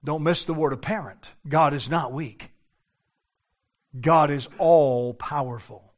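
High-pitched older man preaching. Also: a little slow, pauses often. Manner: earnest preaching, swinging from hushed and low to raised and urgent. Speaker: pastor. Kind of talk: sermon.

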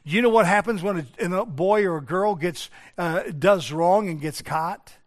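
High-voiced preacher, loud then hushed. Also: male voice, moderate pace. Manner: swings from loud emphatic preaching to hushed pleading; quotes scripture in old-fashioned wording. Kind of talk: sermon.

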